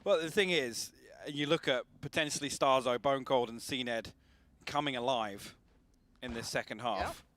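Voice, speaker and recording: A man's voice: mid-range voice, a little slow, fairly bright tone. Man doing esports color commentary, noisy. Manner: analytical, dry quips. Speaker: esports caster. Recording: broadcast mix with clear noise behind.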